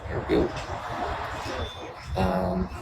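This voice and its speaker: A man's voice: slow, darkish tone, slight background noise, rough recording. A man hosting a casual livestream, rambling chattily and greeting viewers by name. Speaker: livestream host. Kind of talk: casual live-stream chat.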